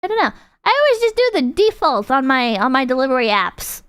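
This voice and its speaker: A high, bouncy woman's voice ranges widely as she rambles through tangents on her stream. She curses freely and laughs often. The recording is dry and close. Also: sing-song, brisk, a bit bright, clean tone, dry recording. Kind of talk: casual reaction chat.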